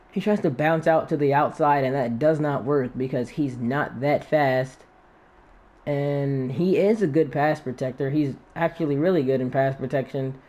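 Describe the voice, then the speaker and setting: A man's voice: medium pitch, dark tone. A young man talking casually to camera, ranking football players with lots of fillers and restarts. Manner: rambling, self-correcting, filler-heavy. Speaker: sports video creator. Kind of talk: casual football draft breakdown.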